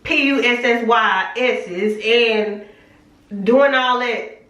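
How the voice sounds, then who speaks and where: A woman's voice: a little high, drawn-out words, a bit bright, distant mic. A young woman telling a personal faith story in a candid, chatty way, full of fillers. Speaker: vlogger. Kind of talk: casual storytelling testimony. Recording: roomy echo, speaking from off the mic.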